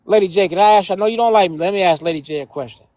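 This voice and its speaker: A man's voice: sits high, racing, a little mellow, dry recording, clean studio sound. A man arguing heatedly on a live panel, confrontational and profane, repeating himself and talking over others. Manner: confrontational, repetitive, interrupting, profane. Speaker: panel participant. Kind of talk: heated live-stream debate.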